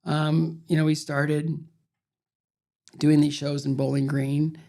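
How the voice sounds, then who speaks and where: Speaking slowly in a gravelly, somewhat high voice, an older man who once figure skated recounts stories during an interview. He brings them to life, performing the voices he quotes.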